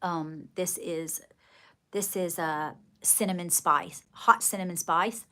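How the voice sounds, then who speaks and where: A woman's voice: on the low side, steady tone, slow pace, sharp tone. A woman from Georgia with a Southern accent, chatting casually and rambling fondly to viewers on a livestream. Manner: chatty, gushing, rambling, calls viewers darling. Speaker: livestream host.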